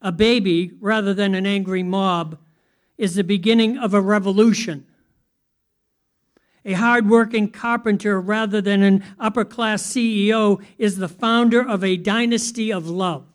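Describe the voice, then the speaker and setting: A man delivers a sermon with a notably high voice. He keeps it conversational and often turns to his listeners with questions. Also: steady tone, moderate pace. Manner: conversational, asks the audience questions. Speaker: pastor.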